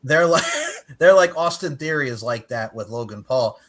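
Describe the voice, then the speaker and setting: A man's voice: mid-range voice, animated, moderate pace, crowd noise. A man co-hosting a casual wrestling chat podcast, who swears freely and laughs as he rants. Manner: swears a lot, laughs while ranting. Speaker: podcast co-host.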